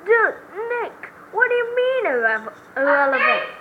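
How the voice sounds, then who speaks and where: Girl doing a whiny loud young guy from a game, high and shrill, super dramatic. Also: sing-song, unhurried, highs cut off, a little hiss or hum, heavily acted. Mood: outraged. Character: excitable loudmouth young man, heartbroken and dramatic. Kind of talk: reading game dialogue aloud.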